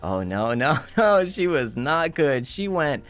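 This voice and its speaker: A man streamer telling a story in casual chat and acting out the quotes with animated delivery. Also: a little high, takes it slowly, soft background music.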